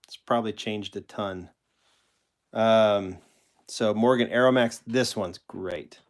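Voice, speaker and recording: Speaking slowly in a lowish voice, a man runs a relaxed live stream for collectors. He shows toy cars, fields questions from chat, and wanders off track, often correcting what he just said.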